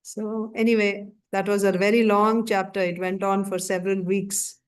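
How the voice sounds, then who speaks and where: A woman teaching a scripture class, retelling a story in a conversational way with frequent fillers and lively quoted asides. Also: medium pitch, moderate pace.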